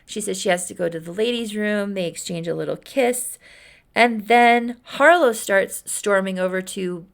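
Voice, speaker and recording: A woman recapping a story with wry, deadpan asides. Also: mid-range voice, gravelly. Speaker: host.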